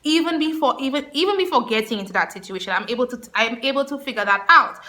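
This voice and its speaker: Young woman spilling a story to camera, super bright voice, kinda high, lively. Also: fast talker. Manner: animated, expressive storyteller. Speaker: vlogger. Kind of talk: storytime vlog, casual chat.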